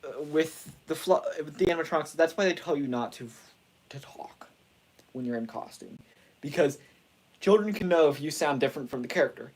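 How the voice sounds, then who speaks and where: A man's voice: fairly high pitch, expressive, brisk. A man chatting casually as host, rambling and restarting his sentences often. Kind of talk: casual chat.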